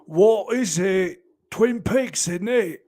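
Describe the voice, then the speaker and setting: A man co-hosting a podcast slips into crude, jokey rants during casual banter. His voice sits a little high for a man, and he speaks at a slow, drawn-out pace. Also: mellow. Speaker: podcast co-host.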